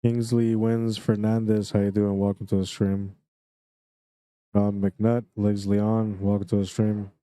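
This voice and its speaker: A man with a Canadian accent giving relaxed, chatty live commentary on a pool match and greeting viewers by name. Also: fairly low pitch, a little slow, clean tone, dry recording.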